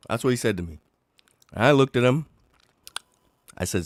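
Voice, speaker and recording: A middle-aged man, sick and coughing, ranting in a casual livestream chat, sarcastic and animated. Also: medium pitch, normal speed, long pauses, no echo. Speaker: livestream host.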